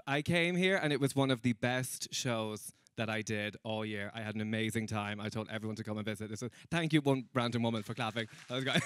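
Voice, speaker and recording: Bright-voiced Irish stand-up comedian. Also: male voice, medium pitch, brisk, few pauses, no echo. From Ireland. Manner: chatty, self-mocking, acts out other people's voices. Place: comedy venue stage.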